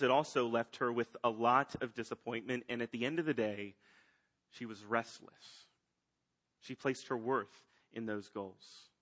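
A man preaching a sermon, swinging between loud emphatic lines and hushed ones. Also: mid-range voice. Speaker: pastor.

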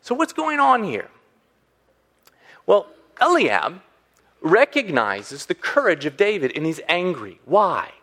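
A man preaching a sermon as a pastor, animated and acting out the voices he quotes. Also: high-pitched, takes it slowly, pauses often.

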